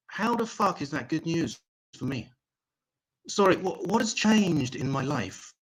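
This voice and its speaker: Comedian guy doing a crude online stand-up set, deadpan jokes, pitch jumps around, slightly husky. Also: a little fast, poor audio. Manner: deadpan, crude one-liners. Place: home, online comedy show.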